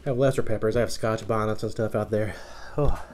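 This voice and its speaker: A man's voice: fairly low pitch, fairly even intonation, a little fast, a little mellow, slight background noise. A middle-aged man, strained and slightly slurring from the heat of a hot pepper, talking casually and groaning and sighing between his words. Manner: groaning, sighing and gasping through the burn. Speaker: vlogger eating hot peppers. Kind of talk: casual vlog.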